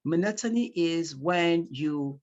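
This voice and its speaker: A public speaking teacher giving an online class over a video call, acting out examples with lively emphasis. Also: medium pitch, slow, highs cut off. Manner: animated, acts out examples.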